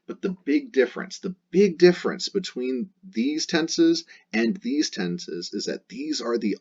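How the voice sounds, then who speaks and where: A man teaching a grammar lesson, explaining step by step and drilling endings aloud in rhythmic lists. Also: mid-range voice. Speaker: Latin teacher. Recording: dull lo-fi recording.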